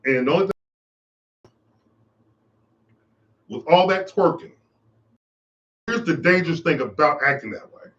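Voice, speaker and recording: A man's voice: on the high side, expressive, a little slow, long pauses, a bit bright, dull audio. A man hosting his own podcast, giving an impassioned, preachy monologue and repeating his phrases for emphasis. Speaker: podcast host. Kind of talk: monologue commentary.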